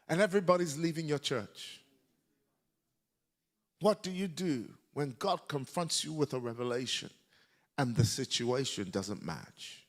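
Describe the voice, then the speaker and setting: A man preaching a lively sermon to a church congregation, shouting and leading call-and-response. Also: medium pitch, measured pace, long pauses.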